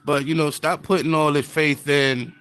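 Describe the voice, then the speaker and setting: A man's voice: fairly high pitch, fairly even intonation, normal speed, fairly bright tone, clear, resonant tone. A man in a casual group discussion, rambling and losing his train of thought. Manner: rambling, loses thread.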